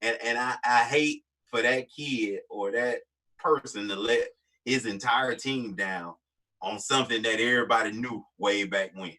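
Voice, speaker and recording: A man's voice: mid-range voice, a little slow, pushed and bright. A male co-host giving blunt, emphatic opinions in casual sports talk. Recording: distant mic.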